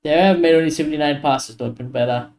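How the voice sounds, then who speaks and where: A man hosting a live football watchalong stream, reacting to the match with excitable, frustrated commentary, swearing often and talking to his chat. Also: fairly high pitch, fast.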